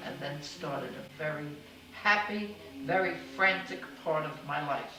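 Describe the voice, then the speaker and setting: A woman's voice: low-pitched, measured pace. An older woman recounting her family's history in an oral-history interview, telling anecdotes and acting out remembered quotes. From United States. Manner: warm anecdotal storytelling with acted quotes. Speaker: storyteller. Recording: echoey room, far from the mic, music behind.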